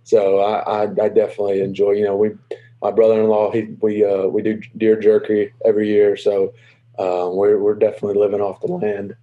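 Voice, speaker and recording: A young man answering interview questions in an easygoing, halting way with many fillers. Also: fairly low pitch, completely flat delivery, narrow, tinny audio. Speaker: guest, professional baseball player.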